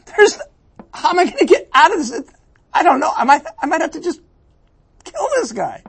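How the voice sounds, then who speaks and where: A man's voice: very high voice, sing-song, normal speed, vocal fry, a bit bright, pitched above the performer's own voice, exaggerated voice. A man voicing a panicky Roman governor who mutters to himself while scheming. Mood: panicked. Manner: frantic muttering.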